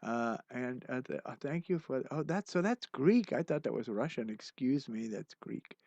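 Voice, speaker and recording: An older man hosting a livestream of his songs, chatting casually and rambling with plenty of "uh" fillers, then signing off warmly to his viewers. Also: mid-range voice, expressive, moderate pace, no echo. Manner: warm, encouraging sign-off. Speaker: singer-songwriter hosting a livestream. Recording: dull, muffled lo-fi sound with faint music.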